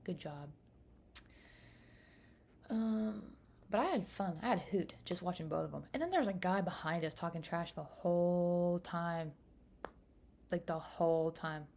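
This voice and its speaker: A young woman from the United States chatting casually to camera in a rambling, animated way. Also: lowish voice, normal speed, creaky. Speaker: vlogger.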